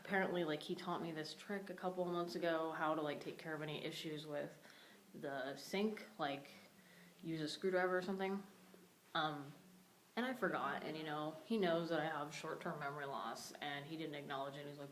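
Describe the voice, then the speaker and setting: A woman's voice: deep voice, moderate pace, a little hiss or hum, rough recording. A young woman vlogging in an empty room of a house, talking loosely with many fillers and sounding short on sleep. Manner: rambling, many fillers like "like" and "you know". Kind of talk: casual vlog rant.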